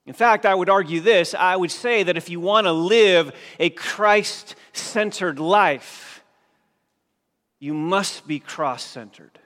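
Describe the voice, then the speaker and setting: A man's voice: sits high, slow pace, a bit bright. A male pastor preaching a sermon in a church, pressing his listeners with emphatic questions. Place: church sanctuary. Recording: long reverb of a church hall.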